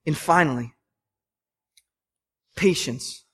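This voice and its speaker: Earnest preaching pastor, slightly high voice. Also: male voice, takes it slowly. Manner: earnest, emphatic preaching, rising to loud bursts. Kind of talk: sermon. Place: church sanctuary.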